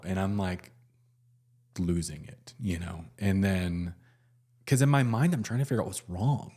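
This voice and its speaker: Young guy with a deep voice, kinda mellow, rambling through a story with lots of "like". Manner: halting, many fillers and restarts. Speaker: nurse. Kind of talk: casual personal storytelling.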